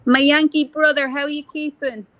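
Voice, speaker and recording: A woman's voice: high voice, little pitch movement, normal speed, noisy background. An Irish woman hosting a casual live stream, rambling and greeting viewers by name with endearments. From Ireland. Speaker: livestream host.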